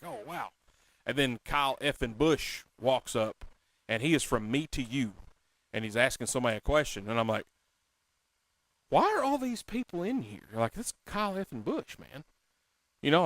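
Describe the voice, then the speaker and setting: A man hosting a casual talk show, telling a story in an animated, excitable, self-mocking way. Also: medium pitch, no echo. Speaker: podcast host.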